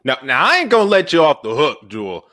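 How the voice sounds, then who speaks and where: A male host with a fairly high voice that swings widely in pitch. He teases his guest and asks questions in loose, slangy speech. His manner is easygoing and conversational. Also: huge pitch swings, fast talker, bright, forceful tone, no echo, clean studio sound. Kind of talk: casual interview chat.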